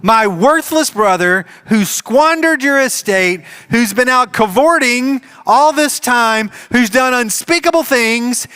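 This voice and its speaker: A man's voice: very high voice, sharp tone, no room sound, pitched above the performer's own voice, full character voice. A man voicing a bitter, resentful young older brother who complains that he is the deserving son. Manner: indignant, complaining.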